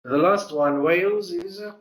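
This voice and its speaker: A man's voice: sits high, moderate pace, fairly bright tone, reverberant, distant mic, low-quality recording. A male English teacher leading a classroom lesson, patiently prompting students and repeating their answers.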